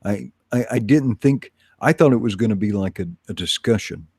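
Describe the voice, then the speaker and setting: A low-voiced man with a husky edge talks in a loose, rambling way, poking fun at himself as he hosts a casual online chat. The sound is dry and close to the mic. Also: moderate pace, a little mellow, no echo. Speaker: host.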